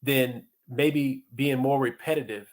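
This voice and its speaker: A middle-aged podcast host and leadership coach offers casual, earnest motivational advice about leadership. His mid-range voice stays steady and unhurried, and he frequently restarts and repeats words.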